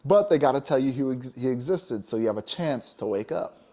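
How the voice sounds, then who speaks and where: Emphatic man with a mellow voice. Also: medium pitch, expressive, a little fast. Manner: emphatic, preachy, with frequent "you know?". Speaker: podcast co-host. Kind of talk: casual spiritual conversation.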